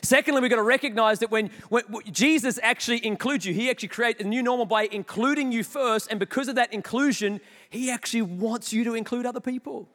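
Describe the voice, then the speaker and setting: A man preaching a sermon, telling chatty stories with quick self-mocking asides. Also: very high voice, fairly bright tone. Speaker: pastor. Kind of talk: sermon with storytelling. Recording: long hall reverb.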